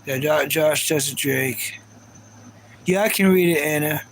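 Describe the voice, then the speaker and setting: Reading the chat aloud on his live stream, a man talks in a fairly high, fairly bright voice at an unhurried pace. His casual, rambling chatter is full of fillers, and the low-quality recording carries slight hiss or hum.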